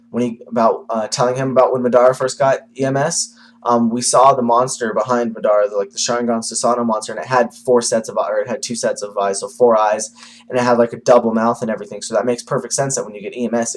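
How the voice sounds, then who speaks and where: A man's voice: medium pitch, slight background noise. Rambling, swearing male manga reviewer. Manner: rambling, filler-heavy, swears casually. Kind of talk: casual video review. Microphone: camera.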